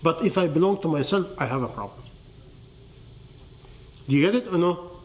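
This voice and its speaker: A man with a notably high-pitched voice delivers a sermon to a live audience. He keeps quizzing his listeners with rhetorical questions and drops his voice to a near hush on the key phrases. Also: expressive, normal speed. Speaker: religious teacher.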